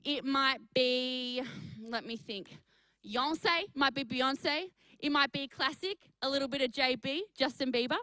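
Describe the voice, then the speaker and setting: Young woman, youth pastor, upbeat storytelling, slightly high voice, dry close sound. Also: no room sound, poor audio. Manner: energetic, chatty, addresses the chat. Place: studio for an online youth stream.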